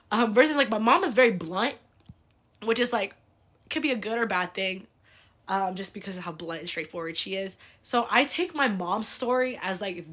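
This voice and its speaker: A woman's voice: mid-range voice, fairly bright tone. A young woman from the United States hosting a podcast, telling a family story in a loose, chatty way, full of "like" and casual swearing. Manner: chatty, fills with "like", swears freely. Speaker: podcast host.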